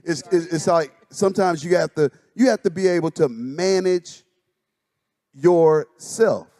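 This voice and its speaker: A man, a pastor, chatting casually and telling stories with lively acted-out quotes. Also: fairly high pitch, measured pace. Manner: animated storytelling, acts out quotes. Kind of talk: casual chat. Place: church stage.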